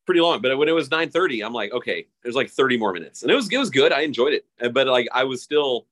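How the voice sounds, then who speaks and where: A man co-hosting a podcast in casual chat, lively and quick to mimic others. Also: mid-range voice. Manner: animated, mocking quotes in an exaggerated voice. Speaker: podcast co-host.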